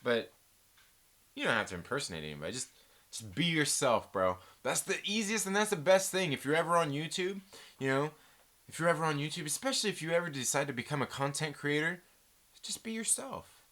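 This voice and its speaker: A man's voice: fairly high pitch, lively intonation, fast talker, bright, forceful tone. A man hosting a casual live movie chat stream, joking around and rambling as he answers viewers in the live chat.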